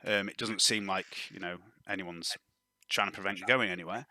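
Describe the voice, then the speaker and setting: A man running a tabletop game as game master, chatting with players and narrating scenes in a relaxed way. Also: low-pitched, brisk, no echo, rough recording.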